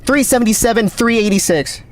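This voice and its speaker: A man streaming a game live, calling out readings with excited running commentary, his voice cracking. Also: sits high. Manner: excited, calls out numbers rapidly. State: voice cracking, thirsty. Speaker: gaming streamer.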